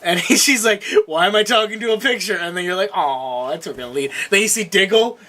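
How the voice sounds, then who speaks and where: Young male co-host, high bright voice, eager, laughs a lot, acts out quotes. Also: lively intonation, quick pace. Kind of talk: casual review chat.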